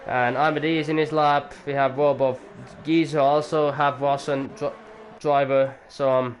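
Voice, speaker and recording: A man's voice: medium pitch, flat delivery, normal speed, a little hiss or hum. A man commentating a sim racing qualifying session live, talking with many fillers and self-corrections. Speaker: race commentator.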